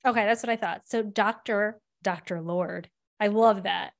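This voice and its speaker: A woman's voice: medium pitch, normal speed, vocal fry, crowd noise. A woman co-hosting a podcast in casual chat, with a voice that people call condescending. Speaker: podcast co-host.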